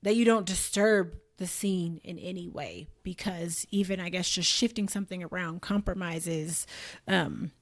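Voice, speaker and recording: A woman's voice: fairly low pitch, normal speed. An American woman co-hosting a book podcast, chatting casually and laughing often as she recaps the story. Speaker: podcast co-host.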